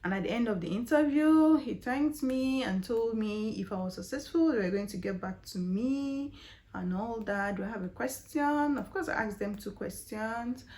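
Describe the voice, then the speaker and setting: A woman's voice: medium pitch, darkish tone. A young woman with a Nigerian accent, chatting animatedly in a casual storytelling vlog, full of fillers and rhetorical questions. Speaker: vlogger.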